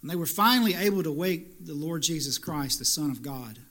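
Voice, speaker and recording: Male pastor, high and bright, preaches with rising emphatic questions. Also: lively intonation, brisk. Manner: rising to emphatic peaks, repetitive rhetorical questions. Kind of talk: sermon.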